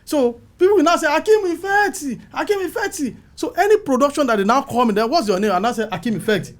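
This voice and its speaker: Animated high-voiced Nigerian man storytelling. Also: racing. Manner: animated, acts out calls and quotes with rising pitch. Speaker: film makeup artist, guest. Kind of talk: storytelling in an interview.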